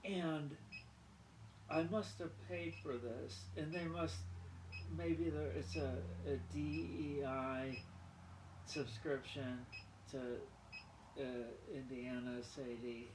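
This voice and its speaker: A man's voice: a little high, steady tone, slow pace. Rambling playful man in an echoey room. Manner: rambling, playful, self-mocking, repeats words aloud to practise them. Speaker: vlogger. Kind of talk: casual vlog chat. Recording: roomy sound with clear background noise.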